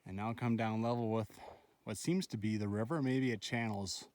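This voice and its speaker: Low-voiced man chatting on a trail. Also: steady tone, normal speed, darkish tone. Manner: chatty and rambling, often asks "right?". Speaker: solo backpacker filming his trip. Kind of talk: casual vlog narration while hiking. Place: outdoors on a backcountry trail. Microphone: handheld phone.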